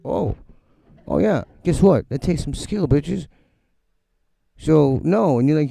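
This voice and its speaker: Gravelly, blunt middle-aged man. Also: fairly high pitch, moderate pace, pauses often. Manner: blunt, profane, animated, mocks others in quoted voices. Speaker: musician livestream host. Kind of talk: casual live-stream rant. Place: home studio.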